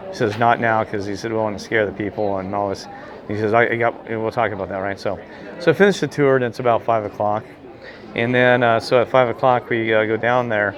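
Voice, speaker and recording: A man telling a rambling, excitable story in casual chat, gesturing as he talks outdoors. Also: lowish voice. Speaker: vlogger telling a ghost story.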